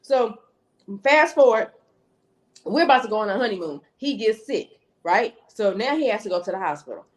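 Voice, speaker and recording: Woman telling a story, animated. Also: fairly high pitch, moderate pace. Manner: animated storyteller acting out quoted dialogue. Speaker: podcast guest. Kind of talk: storytelling, casual chat.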